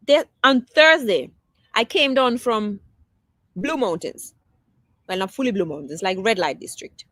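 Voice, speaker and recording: Chatty woman livestreaming, higher voice. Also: sing-song, normal speed, a bit bright, dry recording. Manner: chatty, answers viewer comments aloud; rambling, with many restarts. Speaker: livestream host. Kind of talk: casual livestream chat.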